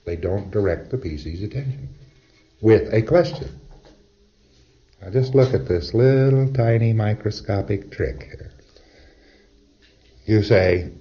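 Deep-voiced man lecturing on dull old tape. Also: animated, a little slow, pauses often. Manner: conversational, wry, acts out exchanges. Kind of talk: recorded lecture to trainees.

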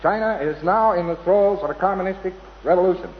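A man's voice: high-pitched, fast talker. A man giving a rambling, anecdotal lecture to an audience, often mimicking other people's voices. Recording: dull lo-fi hall recording with hiss.

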